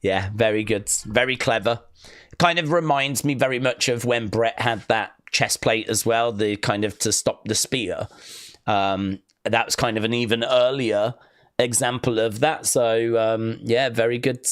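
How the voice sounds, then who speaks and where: Reminiscing on his wrestling live stream, a man rambles casually through fond memories with lots of fillers and acted-out quotes. His medium-pitched voice stays steady and unhurried, and the studio-quality audio has no echo.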